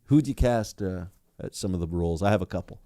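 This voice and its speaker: Deep-voiced and fast-talking, this young adult co-host banters casually on a podcast, animated and full of laughter and restarts. It's studio quality, with no room sound at all.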